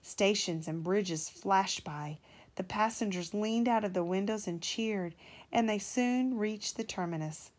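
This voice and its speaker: A mother reads a children's storybook aloud to her child at a gentle, measured pace. Her voice sits at an ordinary middle pitch for a woman.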